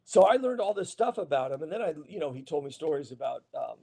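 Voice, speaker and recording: A man with a gravelly, mellow voice pitched a little high for a man, chatting as an interview guest. He tells long, wandering stories, restarting his sentences and slipping into other people's voices as he quotes them. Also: big pitch swings, fast talker. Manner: rambling anecdotes with many restarts and fillers; acts out other people's lines when retelling. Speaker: guest actor. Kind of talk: casual storytelling interview.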